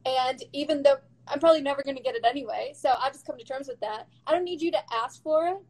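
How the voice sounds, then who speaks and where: A woman guest speaking frankly and emphatically in an interview, in quick bursts with some swearing. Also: high-pitched, a little mellow, rough recording. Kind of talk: candid interview talk.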